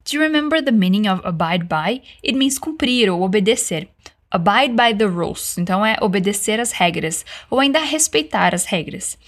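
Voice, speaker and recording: A woman teaching English, giving slow, clearly spoken repeat-after-me drills and switching into Portuguese to explain. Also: mid-range voice, animated. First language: Brazilian Portuguese. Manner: slow, carefully enunciated model sentences.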